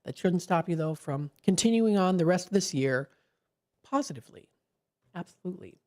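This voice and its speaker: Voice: mid-range voice, animated, moderate pace, a little mellow. A local radio host talks on a live call-in show. The delivery rambles and restarts, full of fillers, and is picked up close on a studio microphone.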